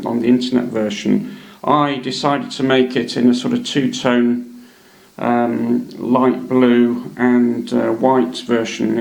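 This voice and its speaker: A man's voice: medium pitch, vocal fry, a little mellow. A man hosting a hobby channel, chatting casually and hesitantly as he shows off models. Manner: chatty, hesitant, many ums and uhs. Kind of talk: casual show-and-tell narration. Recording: echoey room.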